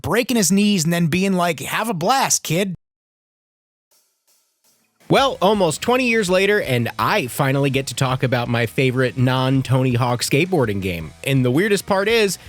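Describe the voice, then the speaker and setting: A young man giving scripted, sarcastic commentary as a video game reviewer, with crude jokes. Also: fairly high pitch.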